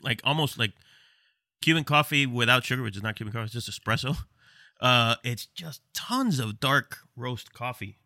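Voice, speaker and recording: A middle-aged American man co-hosts with a very bright, forward voice. He talks in casual, chatty bursts full of quick asides. The sound is close and dry. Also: medium pitch, expressive, dry recording. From United States. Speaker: co-host of a cigar and beer pairing show. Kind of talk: casual chat.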